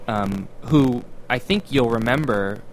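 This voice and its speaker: A man hosting a comedy show spins a setup with playful hesitation and fillers. His pitch sits in the middle range. Faint background noise hangs behind him. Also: slow pace, darkish tone. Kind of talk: comedy chat.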